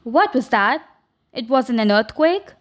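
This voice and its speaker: A woman's voice: high-pitched, very animated, a little slow. A woman reading the lines of a nervous, frightened young woman in an audiobook. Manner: anxious, breathless, urgent.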